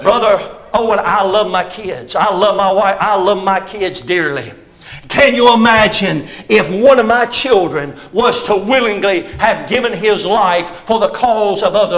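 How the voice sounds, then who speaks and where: Middle-aged male preacher, high voice, fervent pulpit delivery. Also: rough recording. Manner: fervent preaching, rising and shouting on key phrases. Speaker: pastor. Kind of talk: sermon.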